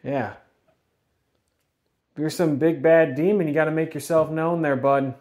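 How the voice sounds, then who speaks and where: A man's voice: on the high side, fairly even intonation, measured pace, a little mellow. A man co-investigating a haunted hotel, calling out to spirits and taunting them with crude jokes. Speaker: paranormal investigator co-host.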